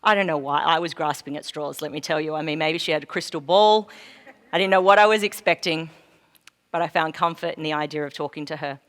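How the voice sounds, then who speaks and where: An Australian woman gives a keynote on stage, telling a personal story from the heart. She moves between full, ringing lines and near-hushed moments. Her voice carries a long hall reverb. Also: low-pitched, brisk. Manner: heartfelt, swings from loud to hushed. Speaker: keynote speaker.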